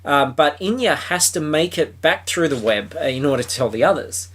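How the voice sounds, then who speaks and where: A man's voice: on the high side, animated, moderate pace, fairly bright tone, slightly rough. A man hosting a podcast, recapping a novel in casual chat with sarcastic, mocking asides. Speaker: podcast host. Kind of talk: casual book-review chat.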